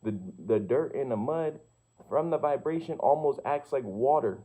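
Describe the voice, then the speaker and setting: A young man musing aloud in a casual, profane monologue, tossing out rhetorical questions and answering them himself. His voice is mellow and relaxed, neither high nor low. The recording sounds a little dull and lo-fi. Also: normal speed. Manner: slangy and profane, asks rhetorical questions, repeats "you feel me". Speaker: vlogger. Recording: slightly muffled lo-fi recording.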